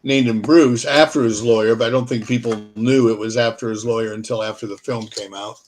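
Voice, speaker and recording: A man's voice: mid-range voice, fairly even intonation, fairly quick, a little mellow, slight background noise. A man in his sixties co-hosting a casual talk show, speaking in an easygoing, matter-of-fact way. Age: 60s. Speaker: podcast co-host. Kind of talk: casual chat.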